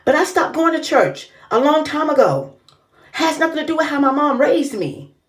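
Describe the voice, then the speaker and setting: A woman's voice: high voice, sing-song, moderate pace. A woman delivers a reaction commentary. She talks in an indignant, emphatic, scolding way. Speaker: commentary vlogger.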